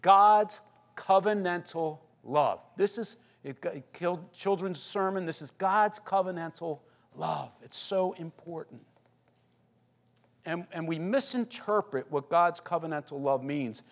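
A man with a notably high voice delivers a sermon from the pulpit. He reads scripture aloud, then swells into fervent, earnest prayer. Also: unhurried. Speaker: pastor.

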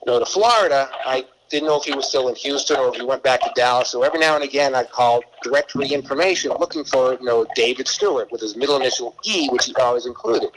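A man's voice: mid-range voice, quick pace, hardly any pauses, noisy background. A middle-aged man from Boston, a guest author telling stories in a casual interview, rambling and often stumbling over and repeating his words.

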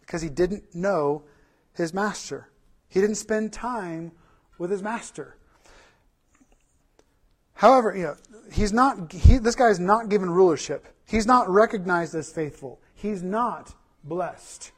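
A male pastor preaching a sermon, animated, with repeated lists and rhetorical questions. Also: high voice, measured pace, pauses often, breathy edge.

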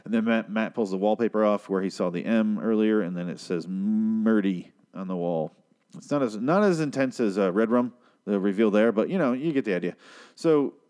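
A man giving a crude, sarcastic recap of a TV episode, tossing in quick asides. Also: fairly low pitch, mellow, clear, resonant tone. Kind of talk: casual profane TV recap.

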